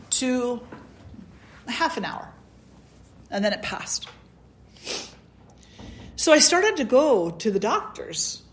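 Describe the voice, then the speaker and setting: A woman's voice: medium pitch, slight background noise. A middle-aged woman spiritual teacher telling a personal story at a satsang, acting out the quoted dialogue as she goes.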